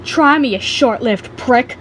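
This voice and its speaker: A woman's voice: a little high, takes it slowly, a bit bright, slight background noise. A woman voicing a hostile middle-aged man who sneers and hurls insults. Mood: sneering.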